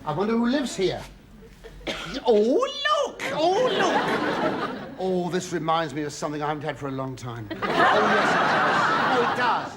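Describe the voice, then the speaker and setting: The middle-aged English comedian speaks in a highish voice with big pitch swings, brisk and with hardly any pauses. Performing a camp, gossipy stand-up monologue before a studio audience, he stammers, restarts and exclaims "oh, yes," with loud audience laughter throughout.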